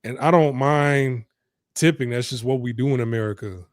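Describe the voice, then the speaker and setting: A man's voice: mid-range voice, moderate pace, no room sound, clean studio sound. A man hosting an interview, chatting casually and emphatically with lots of fillers. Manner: conversational, emphatic, filler-heavy. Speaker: podcast host.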